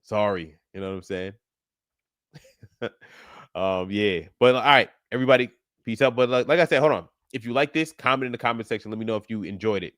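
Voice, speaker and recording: A man's voice: fairly low pitch, fairly quick, fairly bright tone, no room sound, studio quality. Laid-back man coaching on a live stream. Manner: laid-back, encouraging, laughs often. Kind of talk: casual livestream chat.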